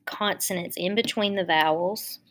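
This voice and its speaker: A woman teaching a phonics lesson to young children, explaining each step slowly and patiently. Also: fairly low pitch, fairly bright tone.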